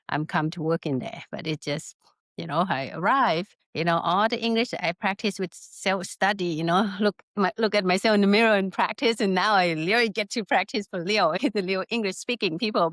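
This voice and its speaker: A middle-aged woman with a Thai accent, a spa business founder telling her story in an interview in lively, broken English. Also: lowish voice, no echo, clean studio sound. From Northern Thailand. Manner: animated storytelling with broken English, laughs often.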